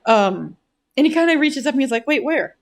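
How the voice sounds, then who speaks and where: A woman's voice: high voice, expressive. A woman narrating her character's actions in a casual tabletop role-play, chatty and full of fillers. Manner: chatty, quick laughs, lots of fillers. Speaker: player and co-narrator.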